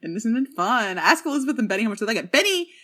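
A woman's voice: a little high, big pitch swings, pushed and bright. A woman co-hosting a podcast remotely, chatting casually with jokey asides. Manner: bubbly, jokey, fast asides. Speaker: podcast co-host. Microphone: remote recording, separate apartments.

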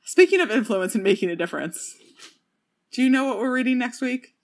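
A woman with a slightly high, very animated voice co-hosts a podcast remotely, each host recording from a separate apartment. She chats casually in a bubbly way, tossing in quick jokey asides.

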